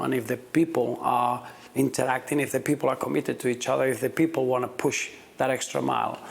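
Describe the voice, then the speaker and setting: A man's voice: mid-range voice, gravelly. A middle-aged man, a football manager, giving reflective interview answers and often repeating words as he starts his sentences.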